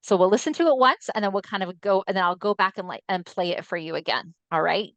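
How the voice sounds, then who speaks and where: A woman's voice: medium pitch, lively intonation, fast, dry recording, muffled recording. A woman trainer giving an upbeat, chatty webinar presentation over a computer mic on a video call. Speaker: assistive technology trainer.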